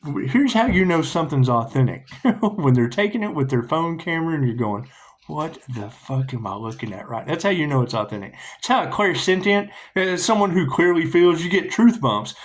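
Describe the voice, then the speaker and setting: A man's voice: fairly high pitch, animated, moderate pace. A man giving a loose, rambling spiritual tarot talk, swearing, laughing and humming little tunes between thoughts. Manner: profane, laughing, humming asides. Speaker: tarot reader.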